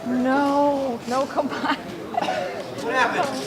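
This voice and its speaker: A woman interviewing players at an event, bubbly and quick to laugh. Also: high-pitched, little pitch movement. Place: busy casino tournament room. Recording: loud crowd noise behind.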